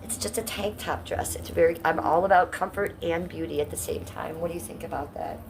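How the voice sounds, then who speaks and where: Her voice sits on the low side and moves briskly, with background noise behind it. She's a chatty woman from Ohio livestreaming from home, addressing chat directly and talking to viewers in a blunt, brash, profane style.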